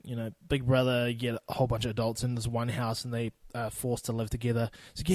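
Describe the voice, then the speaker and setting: A man's voice: mid-range voice, level tone, fast talker, few pauses, a little mellow, dry recording. A young man in his twenties with a New Zealand accent, hosting a casual solo podcast in a loose, profane, rambling way. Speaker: podcast host.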